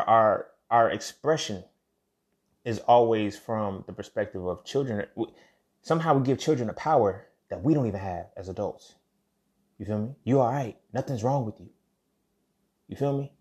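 In a fairly low, darkish voice, this young man hosts a podcast as a casual, wandering monologue. He keeps restarting, drifts into asides, and repeatedly says "you feel me."

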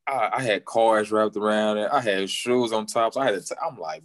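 A man, a football player telling a story in an interview and acting out quotes with big jumps in pitch, laughing often. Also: fast, few pauses, dry recording.

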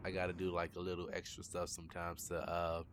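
A man's voice: completely flat delivery, fast talker, a bit bright, a little hiss or hum. A man from Maryland with a slight lisp and a light Maryland accent, co-hosting a casual podcast in playful banter. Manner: playful, jumps high when surprised. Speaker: podcast host.

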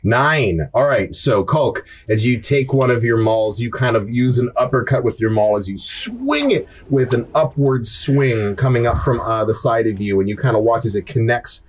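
A man's voice: medium pitch, animated, moderate pace, hardly any pauses, slight background noise. A young adult man narrating as game master, loose and casual with lots of kinda and like.

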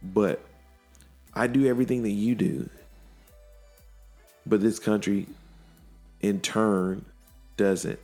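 A man's voice: on the low side, fairly even intonation, slow, pauses often, darkish tone, faint music behind. A man hosting a podcast, earnestly retelling conversations with friends in casual chat.

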